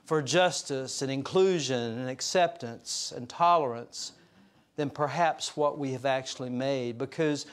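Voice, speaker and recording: A man pastor giving a conversational storytelling sermon at a church service, earnest and slowing down to stress his points. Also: mid-range voice. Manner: conversational, chuckles through anecdotes; earnest, slows for emphasis.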